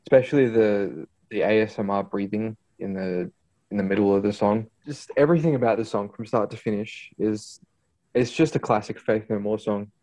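Rambling low-voiced man. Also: normal speed, dark tone, low-quality recording. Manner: rambling, lots of fillers and restarts. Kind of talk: casual music chat.

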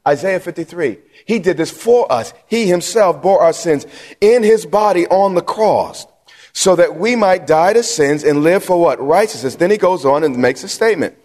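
A man's voice: high voice, lively intonation, moderate pace, darkish tone. A man preaching a sermon from the pulpit, emphatic, repeating himself and putting questions to the congregation. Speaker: pastor. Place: church sanctuary. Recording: long hall reverb.

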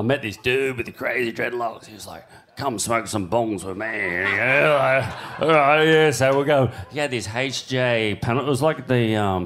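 Animated Australian man telling stories. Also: mid-range voice. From New South Wales south coast, Australia. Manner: animated, laughing storyteller, swears freely. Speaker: panel guest, surfer. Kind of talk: live on-stage storytelling. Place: live panel at a bowling club in front of an audience.

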